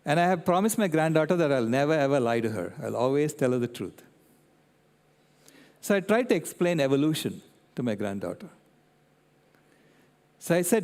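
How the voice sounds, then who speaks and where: An older man giving a public talk, an animated storyteller who keeps checking in with his audience. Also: on the high side, normal speed, pauses often. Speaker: guest speaker. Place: convention centre hall. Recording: long reverb in a large hall.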